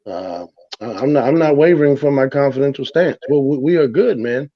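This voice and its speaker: A man's voice: mid-range voice, animated, fairly quick, dull audio. A man from South Tampa co-hosting a casual sports podcast, brash and emphatic, swearing freely.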